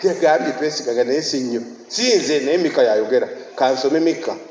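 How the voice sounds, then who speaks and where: A man from Uganda preaching a sermon as pastor, animated and emphatic, breaking into laughter and shouts. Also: mid-range voice, brisk. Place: church. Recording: echoey church hall, faint noise.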